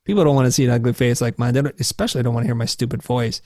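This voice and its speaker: A man in his forties, a guest telling candid stories in a self-deprecating, animated way, jumping up high when he acts out his past self. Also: racing, dry recording, studio quality. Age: 40s. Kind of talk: candid conversational storytelling.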